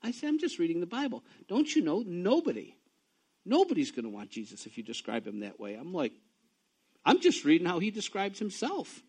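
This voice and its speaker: Man, pastor, sermon, lively pitch, slightly high voice, reads scripture between stories. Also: brisk, slightly rough. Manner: animated, swings from low and quiet to high and loud when excited; reads scripture aloud between personal asides.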